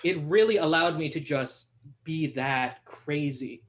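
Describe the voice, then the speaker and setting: Animated young man, raised pitch. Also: measured pace. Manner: animated, laughing, acts out quotes. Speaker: podcast guest, hip hop artist. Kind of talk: casual conversation.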